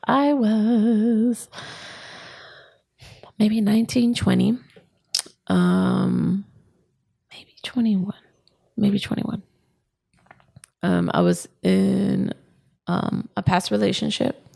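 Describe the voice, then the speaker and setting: A woman's voice: medium pitch, steady tone, drawn-out words, gravelly, pauses often, dark tone, slightly rough. A young woman co-hosting a podcast, telling a personal story in a loose, rambling way full of "um" and "like". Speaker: podcast co-host. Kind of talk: casual storytelling.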